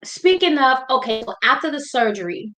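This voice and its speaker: Host: a woman with a fairly high voice, encouraging, faith-based chat. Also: expressive, normal speed, sharp tone.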